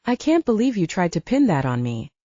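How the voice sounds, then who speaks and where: A bubbly, teasing young woman with a high, lively voice and a warm tone, as a woman reading an audiobook puts her on. The recording is dry and slightly dull. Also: fairly quick, dry recording. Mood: playful.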